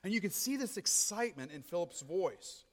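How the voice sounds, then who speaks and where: Animated, fairly high-voiced male preacher. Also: moderate pace. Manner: conversational teaching with frequent "okay?" checks; animated, acts out quotes with rising pitch. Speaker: pastor. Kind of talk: sermon.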